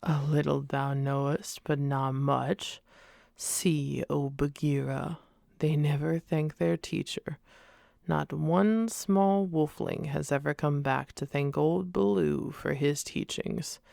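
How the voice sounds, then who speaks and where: A woman voicing an old, earnest, tender male bear teacher in a whispered role-play, speaking fuller and drawn-out. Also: low-pitched, fairly even intonation, vocal fry, mellow, no room sound, studio quality, full character voice. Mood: grumbling.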